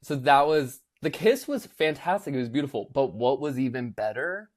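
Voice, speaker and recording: A young man chatting on a podcast at a middle pitch, recounting events with animated energy. He jumps into little voices to act out what people said and fills his sentences with casual fillers. The talk is loose and conversational. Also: normal speed. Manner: animated storyteller, acts out quotes in voices, many fillers. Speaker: podcast co-host.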